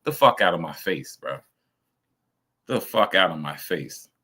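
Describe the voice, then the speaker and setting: A man's voice: low-pitched, very animated, measured pace, pushed and bright, slightly rough. A man streaming casual reaction commentary, ranting emphatically and swearing a lot.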